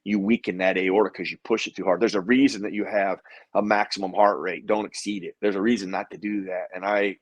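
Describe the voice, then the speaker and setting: This low-voiced man talks fairly quickly, and there's no room sound. As a guest in a relaxed interview, he shares a personal story and lively acts out what others told him.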